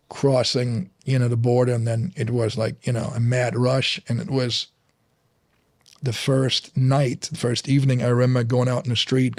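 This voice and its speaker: A man's voice: mid-range voice, a little mellow, no echo, studio quality. A middle-aged man from Berlin with a German accent, a guest in a casual interview, telling stories with many restarts and fillers. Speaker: guest, fitness trainer.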